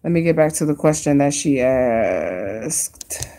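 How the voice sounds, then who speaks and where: A woman hosting a live stream and reading tarot cards for her viewers, chatty and excitable, with casual slang and drawn-out emphasis. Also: very deep voice.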